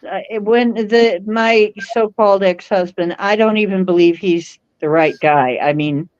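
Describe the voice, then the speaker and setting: A woman hosting a casual chat, talking in a slow, easy drawl. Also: mid-range voice, a little mellow. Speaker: host. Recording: dull lo-fi sound.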